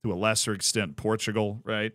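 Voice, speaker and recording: A man's voice: fairly low pitch, level tone, brisk, fairly bright tone, no room sound, clean studio sound. An American man chatting casually and rambling on his live stream, reacting aloud to the game as he plays. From United States. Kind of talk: casual live-stream chat while gaming.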